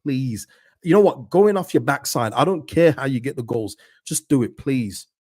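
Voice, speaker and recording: A man hosting a live football watchalong stream, reacting excitedly to the match and answering viewers' chat messages. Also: mid-range voice, moderate pace, no room sound, clean studio sound. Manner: excitable, pleading, chatty with viewers.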